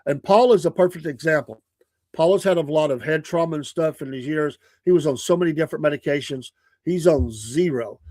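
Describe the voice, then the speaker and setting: A man's voice: on the high side, a little mellow, no room sound. Earnest Southern man in his sixties, dry sound. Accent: Southern American. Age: 60s. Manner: rambling, earnest, with frequent restarts and chuckles. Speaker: morning show host. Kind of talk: casual livestream chat.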